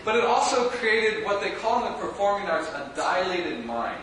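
A man's voice: high voice, sing-song, moderate pace, a bit bright. A man giving a casual talk to a small group, chatty, laughing often and asking his listeners questions. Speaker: spiritual teacher giving a talk. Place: room with a small audience. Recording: roomy and echoey, from far off, noisy.

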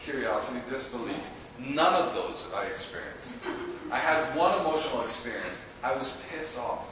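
A man's voice: mid-range voice, expressive, moderate pace. A man giving a casual talk to a small group, chatty, laughing often and asking his listeners questions. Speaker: spiritual teacher giving a talk. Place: room with a small audience. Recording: roomy and echoey, from far off, noisy.

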